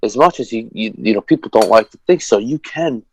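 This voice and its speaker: A man's voice: fairly low pitch, expressive, brisk, slightly rough, rough recording. A man telling a rambling story in a casual podcast chat, cursing freely and acting out the people he quotes. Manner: rambling, swears often, acts out quotes. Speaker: guest.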